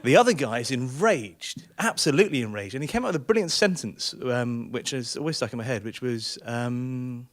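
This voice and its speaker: A man's voice: medium pitch, animated, brisk, few pauses. A man telling a true story on a small theatre stage, wry, rambling and self-mocking. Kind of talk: live storytelling.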